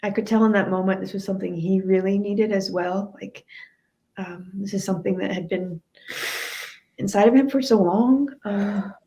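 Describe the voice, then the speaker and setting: A woman's voice: medium pitch, fairly even intonation, moderate pace, warm tone. A woman guest in an interview, candidly and reflectively telling her family story.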